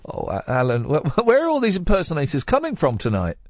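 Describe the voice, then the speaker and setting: A man's voice: brisk, no echo. A man hosting a late-night radio show in casual chat, rambling and joking. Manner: rambling, jokey, lively pitch swings. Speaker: radio host. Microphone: studio microphone.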